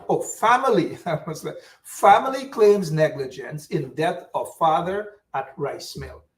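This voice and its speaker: A man's voice: on the high side, reverberant, distant mic, rough recording. A man with a Guyanese accent hosting a casual political talk show, ranting and repeating himself with lots of energy. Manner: animated, repetitive, ranting.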